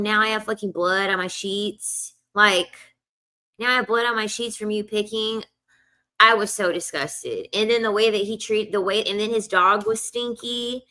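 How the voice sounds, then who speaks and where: A woman's voice: mid-range voice, moderate pace, pushed and bright. A young woman telling a casual storytime rant, blunt and profane, repeating lines for emphasis. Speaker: vlogger.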